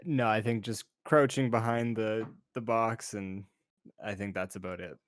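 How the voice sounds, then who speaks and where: A man playing a tabletop game, speaking in a hesitant, unhurried way. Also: fairly low pitch, fairly even intonation, dry recording. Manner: slow and hesitant. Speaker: tabletop player. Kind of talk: casual tabletop play.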